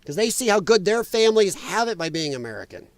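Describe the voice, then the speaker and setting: Reading out viewer comments on his live talk show stream, a man responds in a blunt, easygoing way, full of energy and laughing readily. His voice sits fairly high, and the mic captures him up close and dry, free of echo or any room sound.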